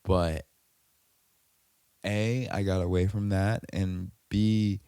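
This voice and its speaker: A man's voice: low voice, little pitch movement, slow pace, mellow, clear, resonant tone, no room sound. A man hosting a podcast, telling a personal story in a rambling way, full of fillers and self-corrections. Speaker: podcast host.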